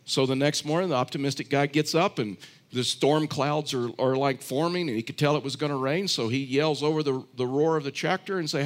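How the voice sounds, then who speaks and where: A man's voice: a little high, brisk. A man preaching a sermon, earnest and repetitive, telling stories with frequent restarts. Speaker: pastor.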